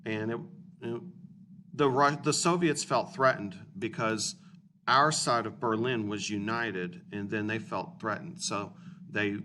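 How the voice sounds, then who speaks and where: A blunt, informal male history teacher in his forties with a fairly low voice. He is recorded from a distance, with steady room noise under the lecture. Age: 40s. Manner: blunt, informal, checks in with "okay?".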